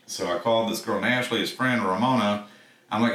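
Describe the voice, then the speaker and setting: A man with a bright, forceful voice rambles through a monologue, blunt and swearing in nearly every line. He sits back from the mic in a roomy, echoing space. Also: fairly low pitch, quick pace. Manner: profane, blunt, swears constantly. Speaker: podcast host. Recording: echoey room, distant mic.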